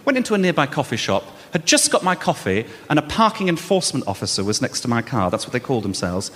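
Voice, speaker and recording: Animated stand-up comic in a live venue. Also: male voice, mid-range voice, quick pace. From English Midlands. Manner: animated storytelling, laughs into lines. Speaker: stand-up comedian. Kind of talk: stand-up comedy routine. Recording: live venue reverb with audience noise.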